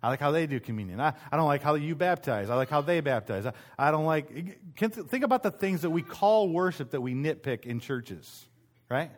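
A man's voice: on the high side, lively intonation, fairly quick. A man pastor giving a casual, conversational sermon, telling stories with frequent restarts in a church meeting room. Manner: conversational storytelling, self-interrupting restarts.

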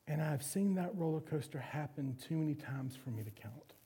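A man's voice: on the high side, expressive, moderate pace, hardly any pauses, mellow, breathy edge. A man preaching a sermon as a pastor, candid and confessional with self-deprecating humor.

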